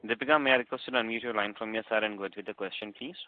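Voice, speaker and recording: A man's voice: lowish voice, very fast, slight background noise. A man moderating a conference call, polite and formal. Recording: tinny phone line.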